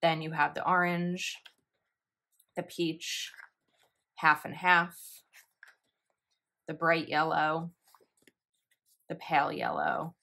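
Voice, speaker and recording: A woman's voice: sits low, animated, slow, vocal fry, long pauses, pushed and bright. A woman in her thirties, a planner vlogger, chatting casually and giggling as she reads sticker quotes aloud. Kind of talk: casual product review, reading sticker quotes.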